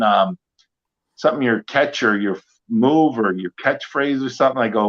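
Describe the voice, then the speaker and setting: A man's voice: mid-range voice, normal speed, highs cut off. A middle-aged man telling a casual story during an autograph signing, rambling with lots of fillers and restarts. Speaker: guest wrestler signing autographs.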